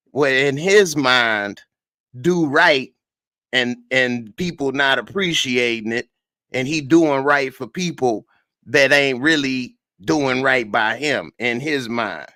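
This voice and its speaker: Late at night on a live stream, a male TV reviewer chats casually about an episode and reads viewer comments, sounding tired, laid-back and slangy. His mid-range voice is bright and forceful, and the recording is dry.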